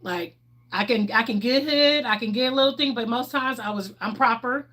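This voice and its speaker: A woman's voice: a little high, moderate pace, fairly bright tone. A young woman with a Southern US accent, originally from Ohio, chatting casually on a livestream in a sassy, bubbly, outspoken way. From Ohio, raised in the US South. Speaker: livestream host.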